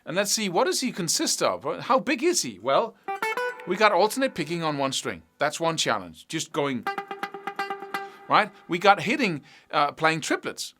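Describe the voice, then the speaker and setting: A man teaching guitar technique, explaining with vivid analogies and rhetorical questions in an animated way. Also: on the high side, normal speed. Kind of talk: instructional talk to camera.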